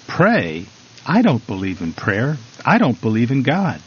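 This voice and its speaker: A man's voice: mid-range voice, wildly swooping pitch, a little slow, husky, exaggerated voice. A man voicing a despairing young man bound by a bad habit, weary and doubting. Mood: weary bitter. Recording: slightly dull recording, faint music.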